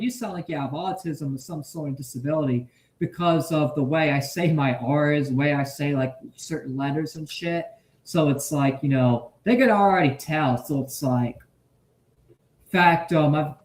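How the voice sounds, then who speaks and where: A man streaming his reaction to a video, swearing freely and swinging from shouts to mumbles. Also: on the high side, roomy sound. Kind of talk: loud profane reaction commentary.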